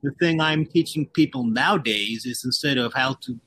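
A man being interviewed as a guest, speaking in a measured way and drawing out key words for emphasis. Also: mid-range voice, fairly bright tone, breathy edge, low-quality recording. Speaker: guest, drinks brand founder. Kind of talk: conversational interview.

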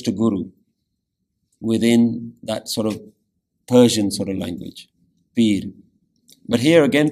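A man teaching a Sikh scripture lesson, explaining meanings and pronunciation with careful, deliberate explanation and frequent "yeah?" check-ins. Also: mid-range voice, a little mellow. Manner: pronounces Punjabi scripture carefully.

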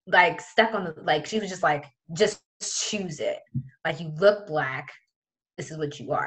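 A woman's voice: fairly low pitch, a bit bright, rough recording. A young woman from the Prince George's County area, telling a personal story in casual talk, with many fillers and quoted voices. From Prince George's County, Maryland area. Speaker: guest.

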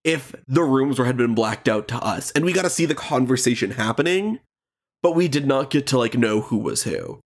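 A man's voice: medium pitch, lively intonation, normal speed. A man co-hosting a podcast, chatting casually about a reality show with a lot of "um" and "like" and frequent laughs. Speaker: podcast co-host.

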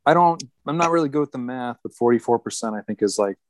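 A man's voice: mid-range voice, expressive, fast, no room sound. A male podcast co-host jokes his way through casual banter and hams up mock ad reads. His voice sits in a middle register, and the recording is dry and close. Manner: joking, mock ad-read delivery.

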